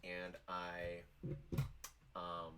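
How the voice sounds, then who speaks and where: Low-voiced man telling a rambling story. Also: monotone, extremely slow, sharp tone, slight background noise. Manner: rambling, heavy use of "like". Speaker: vlogger. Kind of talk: casual storytime vlog.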